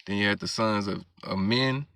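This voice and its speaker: A man's voice: on the low side, normal speed, creaky, a bit bright, clear, resonant tone, no room sound, studio quality. A man preaching, reading scripture verses aloud and explaining them, often checking in with "all right?". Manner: keeps asking "all right?" and "you know what I'm saying".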